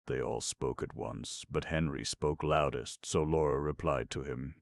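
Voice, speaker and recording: A man narrating an audiobook in a measured, ironic storytelling manner. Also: very deep voice, steady tone, vocal fry, no room sound, clean studio sound. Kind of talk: scripted narration.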